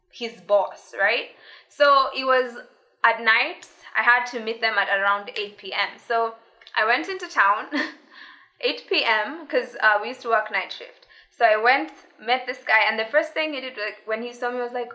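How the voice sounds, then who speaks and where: Bright-voiced young woman telling a story. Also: on the high side, normal speed. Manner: lively, laughs often, acts out quoted voices. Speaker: vlogger. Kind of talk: casual storytelling.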